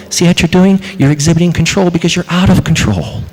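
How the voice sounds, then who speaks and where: A man pastor preaching a sermon in a church, animated, with rhetorical questions and quoted asides. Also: high voice, fast talker, hardly any pauses, slightly rough, long reverb tail, poor audio. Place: church sanctuary.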